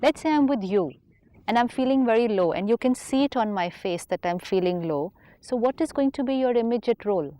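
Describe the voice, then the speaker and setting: Mellow-voiced woman calmly explaining. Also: on the high side, fairly quick, no room sound. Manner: calm, explanatory, acts out inner dialogue. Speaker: spiritual teacher. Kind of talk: counselling talk show conversation.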